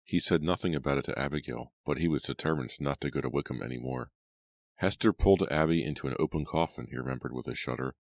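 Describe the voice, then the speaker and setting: एक आदमी, बहुत गहरी आवाज़ में ऑडियोबुक सुनाता हुआ, सूखी, बिना गूँज की रिकॉर्डिंग।. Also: male voice, extremely low pitch, vocal fry, no echo. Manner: steady, measured storytelling. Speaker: audiobook narrator. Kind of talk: scripted narration.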